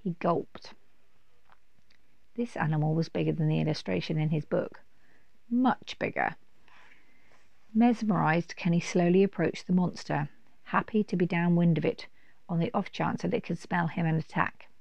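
A woman reading a children's storybook aloud at a steady, unhurried pace. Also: lowish voice, vocal fry, no echo. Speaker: narrator. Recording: dull dry recording.

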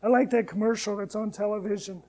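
A man preaching a sermon, moving from hushed, tender lines to loud, rising appeals and slowly reciting hymn verses. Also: sits high, steady tone, rough recording. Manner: preaching with sharp swings between soft, hushed lines and loud, rising ones. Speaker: pastor.

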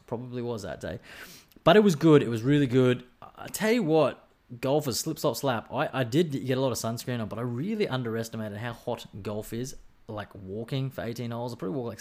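A man's voice: medium pitch, quick pace. A young man with an Australian accent telling a rambling, sweary story in a casual podcast chat, acting out bits of dialogue. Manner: rambling, sweary, animated storytelling with acted-out quotes.

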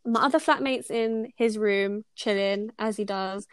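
A young woman co-hosting a podcast, telling stories in a lively chat full of fillers and laughs. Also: mid-range voice, measured pace, smooth, no echo. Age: young adult. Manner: animated storytelling with many fillers and laughs. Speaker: podcast co-host. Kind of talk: casual chat.

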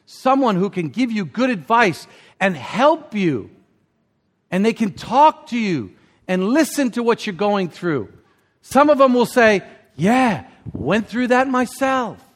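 A male pastor preaching a sermon with passion, climbing to emphatic peaks and then dropping low and quiet. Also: long reverb tail.

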